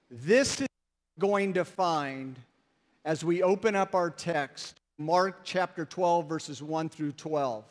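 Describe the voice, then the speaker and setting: A man with a high voice preaches slowly and deliberately, telling stories with emphasis. His words ring out with a long reverb across a large church hall. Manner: storytelling, emphatic. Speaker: pastor. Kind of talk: sermon.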